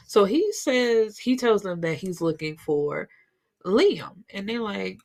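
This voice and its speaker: A young woman casually recapping a book, chatty and profane, with animated storytelling. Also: medium pitch, slow, gravelly. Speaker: book reviewer.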